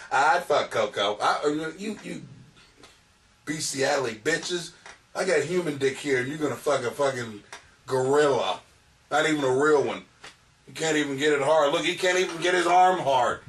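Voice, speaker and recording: A man's voice: on the high side, animated, moderate pace, a bit bright, recorded from a distance. A man hosting a comedic advice podcast, rambling and crude, often laughing at his own jokes. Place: home basement.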